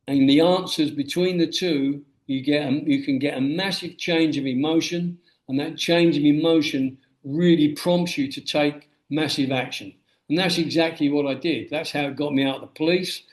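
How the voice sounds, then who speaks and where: A man with a slightly high voice tells his life stories with energy, slipping into the voices of the people he quotes. His speech sits in a noticeably echoey room. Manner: animated storyteller who acts out quoted dialogue. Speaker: guest, memoir author. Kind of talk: storytelling interview answer. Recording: roomy echo.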